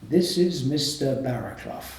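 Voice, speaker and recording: A man voicing a stocky, gruff male law professor, speaking low and quiet, in an echoey room. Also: lively intonation, unhurried, close to an everyday voice. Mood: gruff, curt. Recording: echoey room, mic from afar.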